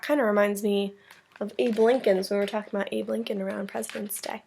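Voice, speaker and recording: A woman's voice: mid-range voice, creaky, husky. A woman teacher reading a picture book aloud to her class, stopping to chat and comment for the children. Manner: expressive, pauses to comment for young listeners. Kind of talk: children's read-aloud with chatty asides.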